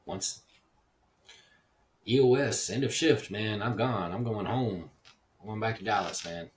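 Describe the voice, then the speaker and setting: A man's voice: on the low side, unhurried, roomy sound, distant mic. A man casually telling a story in a profane, rambling, reflective way, acting out the dialogue. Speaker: podcast host. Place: echoey house.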